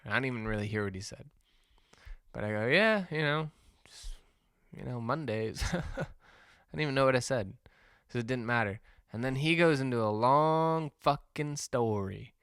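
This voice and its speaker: A man hosting a podcast, delivering a rambling, profane comedic rant in a deadpan way. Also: medium pitch, moderate pace, smooth, no echo, clean studio sound. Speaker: podcast host.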